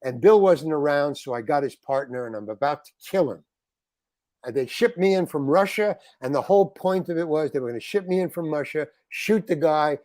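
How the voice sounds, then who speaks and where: A man, a guest actor, telling a long anecdote in a casual interview, animated and saying "man" often. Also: on the high side, no room sound. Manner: animated anecdote teller, peppers talk with "man".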